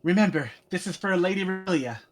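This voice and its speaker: A man's voice: sits high, expressive, brisk. A man reading the part of a nervous woman maid who tries to sound composed. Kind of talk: casual fan story reading.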